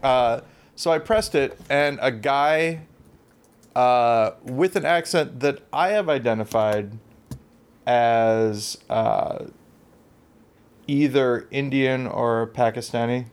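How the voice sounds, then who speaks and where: A man's voice: medium pitch, slow, clean tone. A man co-hosting a podcast in casual chat, telling rambling self-deprecating stories full of fillers. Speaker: podcast co-host.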